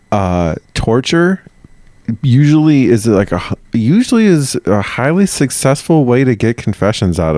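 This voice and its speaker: Casual podcast co-host, male, bouncy pitch, jokey deadpan banter, dry close mic. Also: no room sound. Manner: jokey, playfully mock-serious. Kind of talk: casual comedic chat.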